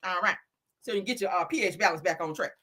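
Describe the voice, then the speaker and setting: A woman hosting a live gossip stream, talking loudly and laughing a lot as she reacts to comments. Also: fairly low pitch, fast, breathy edge. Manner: loud, animated, laughing a lot, Southern Black vernacular slang. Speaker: gossip show host.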